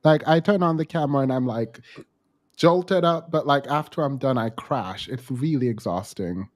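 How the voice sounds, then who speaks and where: A man's voice: medium pitch, normal speed. A man hosting a casual podcast chat, talking in a hesitant way with many ums and restarts. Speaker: host.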